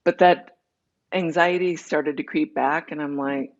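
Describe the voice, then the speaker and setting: A woman's voice: low-pitched, fairly even intonation, muffled recording. A woman being interviewed, telling her personal story candidly and acting out the dialogue as she goes. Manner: candid, tells her story in quick runs with acted-out dialogue. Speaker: interview guest.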